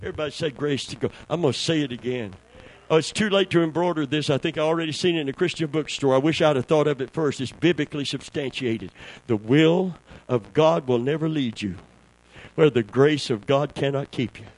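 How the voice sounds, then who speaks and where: Rough audio captures a Southern American preacher, slightly high-voiced and brisk, before a small church congregation. He calls out for responses while his folksy anecdotes rise to fervent peaks.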